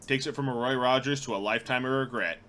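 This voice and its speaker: A man in mid-range pitch with a bright, crisp voice, talking through his game turns with dry, teasing humor. A faint noise sits behind him. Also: quick pace. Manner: dry jokes, teasing, easygoing. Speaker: game streamer. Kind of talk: casual commentary while playing a card game.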